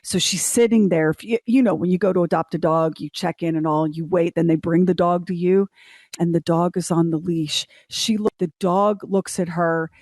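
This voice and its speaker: A woman's voice: lowish voice, steady tone, moderate pace, darkish tone, no room sound. A middle-aged woman co-hosting a morning show, telling a story in a casual, emotional way. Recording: dry studio sound.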